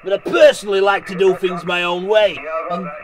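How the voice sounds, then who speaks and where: A man's voice: high voice, flat delivery, brisk, over a noisy crowd. A man talking bluntly and swearing as he vlogs about radio from his vehicle on a hilltop. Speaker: radio hobbyist vlogger. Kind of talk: casual ranting vlog. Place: vehicle parked on a hilltop outdoors.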